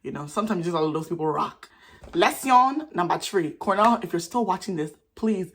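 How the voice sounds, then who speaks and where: Sassy young woman with a husky voice. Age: young adult. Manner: animated, sassy, talks fast with sudden jumps in pitch. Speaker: vlogger. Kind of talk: casual storytelling vlog.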